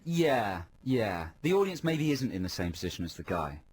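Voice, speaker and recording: A man co-hosting a radio show, chatty and explanatory, quick to laugh. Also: fairly low pitch, big pitch swings, a little mellow, breathy edge. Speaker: radio co-host. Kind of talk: casual radio chat. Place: radio studio. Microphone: studio microphone.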